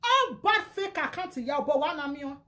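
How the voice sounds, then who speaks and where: A Nigerian woman with a high, lively voice that swoops all over as she scolds and insults someone. She repeats herself and keeps up a heated social media rant. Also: moderate pace. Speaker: vlogger.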